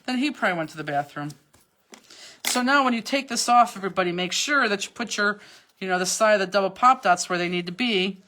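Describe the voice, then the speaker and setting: A woman's voice: medium pitch, animated, quick pace, sharp tone. A middle-aged woman hosting a live card-making class, chatting and giving step-by-step instructions with teasing asides. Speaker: crafting class host.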